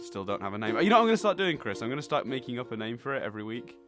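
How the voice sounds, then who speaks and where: A man's voice: mid-range voice, big pitch swings, very fast, fairly bright tone, faint music behind. Chatty man hosting a podcast. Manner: chatty, laughs often, recaps plot. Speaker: podcast host. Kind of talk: casual podcast chat.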